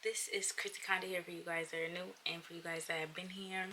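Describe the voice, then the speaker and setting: A woman's voice: fairly low pitch, flat delivery, fast talker, hardly any pauses, noisy background. A woman in her twenties chatting casually to camera in a playful, self-joking way. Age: 20s. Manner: playful and chatty, laughs and jokes at herself. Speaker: vlogger. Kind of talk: casual vlog chat to camera.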